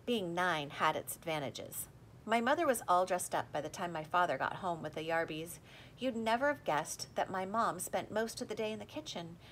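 A woman reading a children's story aloud in a lively, expressive way. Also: on the low side, slight background noise. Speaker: audiobook reader. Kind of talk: storybook narration with character voices.

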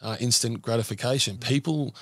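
As a guest on a casual interview podcast, an Australian men's mental health support worker talks earnestly, rambling through stories full of fillers. He has a husky, medium-pitched voice and speaks a little fast. The recording is dry and clean, studio-quality.

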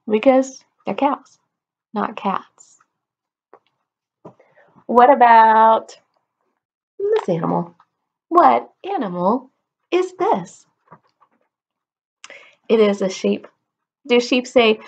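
Children's teacher, woman, unhurried, faint gravel in the voice, playful with little kids. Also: on the high side, lively intonation, muffled recording. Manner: playful, asks questions and imitates animal sounds. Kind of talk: slow, simple storytelling for toddlers.

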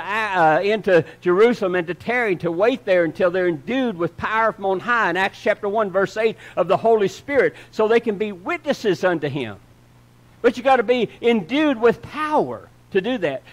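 A man preaching a sermon in an earnest style, moving between loud emphatic lines and hushed low ones and calling listeners "dear friend." He speaks. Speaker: pastor.

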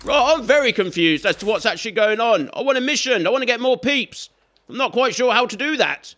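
A man's voice: very high voice, animated, brisk, a bit bright. A man giving chatty let's play commentary, teasing and scolding the game and its characters as he plays. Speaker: gaming YouTuber.

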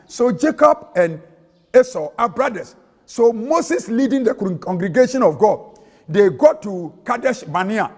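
A man with a Ghanaian accent preaching a sermon in a church, slipping into a sing-song cadence and local-language phrases. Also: high-pitched. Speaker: prophet and preacher. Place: large church hall. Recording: long hall reverb.

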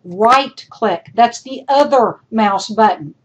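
A woman instructor gives recorded feedback to her class over a computer mic, in a voice pitched a little high. She speaks directly and chattily, repeating each point to drive it home. Her voice is starting to go hoarse. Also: animated, takes it slowly, poor audio. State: voice going hoarse. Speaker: college instructor. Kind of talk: recorded lecture feedback over screen demo.

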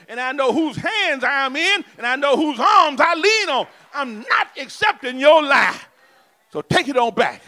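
A man preaching a sermon as pastor in a church, with call-and-response lines that climb to shouts. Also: very high-pitched.

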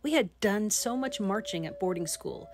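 A woman reading the part of a kind, wise elderly grandfather in a storybook, speaking gently and steadily as he tells of his past. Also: medium pitch, animated, normal speed, natural voice. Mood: reminiscing.

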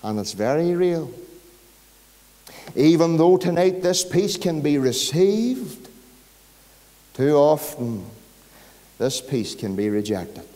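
Northern Irish preacher in a reverberant hall. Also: male voice, on the high side, very animated, takes it slowly, long pauses, dark tone. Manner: storytelling, rising to emphatic peaks. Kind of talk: evangelistic sermon. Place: large church hall.

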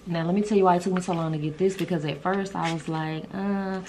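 A woman vlogger telling stories in a casual, animated, colloquial way. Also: fairly low pitch, a little fast, hardly any pauses, noisy background. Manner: chatty, animated, colloquial storytelling. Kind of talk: casual storytelling chat.

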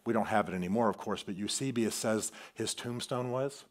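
A man preaching a sermon in a church, telling a story with animation and swinging from loud declarations to quiet asides. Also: fairly low pitch, brisk, few pauses. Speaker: guest preacher. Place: church sanctuary.

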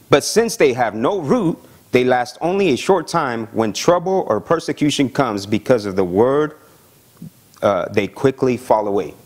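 A male pastor preaching a sermon in a conversational, animated way, often checking in with "okay?" and acting out the voices of the people he describes. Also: mid-range voice. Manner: acts out voices of excited young believers.

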